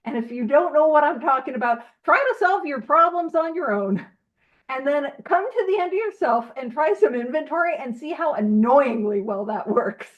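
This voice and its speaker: A woman leading a recovery study over a video call, animated and self-teasing, asking question after question. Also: sits high, normal speed, dull audio.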